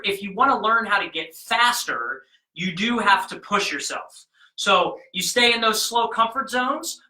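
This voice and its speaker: Slow, bright-voiced drumming teacher. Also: male voice, high voice, echoey room, rough recording. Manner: encouraging, counts beats aloud. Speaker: drumming instructor. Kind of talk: online drumming lesson.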